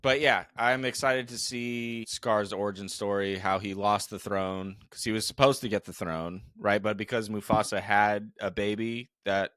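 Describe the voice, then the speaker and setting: A man's voice: fairly low pitch, steady tone, normal speed, hardly any pauses, a bit bright, no echo. A man co-hosting a casual movie podcast, joking and bluntly profane. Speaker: podcast co-host.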